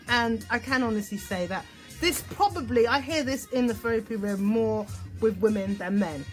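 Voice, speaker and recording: A woman relationship therapist giving an instructional talk, animated, checking in often with "okay?" and acting out example phrases. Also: fairly high pitch, moderate pace, over music. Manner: acts out example phrases in voices.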